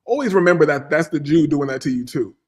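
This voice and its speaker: A man's voice: fairly high pitch, animated, fast, a little mellow, slightly rough. A man hosting a casual podcast, talking in a loose, slangy way full of fillers. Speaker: podcast host. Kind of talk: casual chat.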